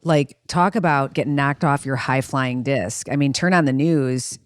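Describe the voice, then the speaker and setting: Wry woman, 40s, podcast co-host; very low voice, dry close recording. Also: normal speed, dry recording. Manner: wry, chimes in with short remarks. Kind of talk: casual chat.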